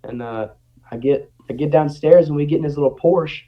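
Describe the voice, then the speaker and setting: Over dull, lo-fi audio, a young guest relates a personal anecdote in casual chat, bringing people's words to life with animated impressions. His voice is on the high side and fairly quick.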